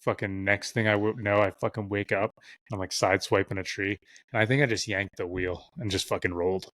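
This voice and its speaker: A young man with a lowish voice tells a winding story in casual podcast chat. He swears freely and puts on the voices of people he quotes. The sound is close and dry, with no room around it. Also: fairly even intonation, brisk, fairly bright tone, dry recording. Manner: rambling, heavy swearing, acts out quoted voices. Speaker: podcast guest.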